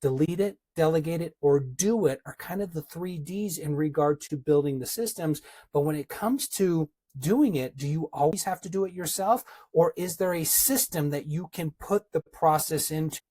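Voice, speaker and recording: Male motivational coach, husky and emphatic, punchy repetition, talks straight to the team. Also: a little high, normal speed, few pauses, mellow. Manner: emphatic and punchy, hammering repeated phrases; addresses listeners directly as a team. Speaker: business coach. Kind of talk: motivational talk.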